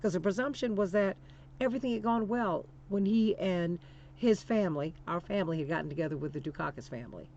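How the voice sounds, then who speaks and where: A woman's voice: lowish voice, fast talker, darkish tone, lo-fi sound, slight background noise. A woman hosting a political talk show, speaking with emphatic, preacher-like repetition and calling listeners "honey". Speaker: radio talk show host.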